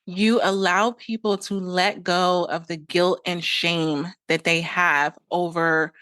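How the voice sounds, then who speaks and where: A woman hosts a casual podcast chat in a lowish voice. She talks in a lively way and acts out what she once said. The sound is dry and close. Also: slow pace, no echo. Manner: animated, acts out her own past dialogue. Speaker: podcast host.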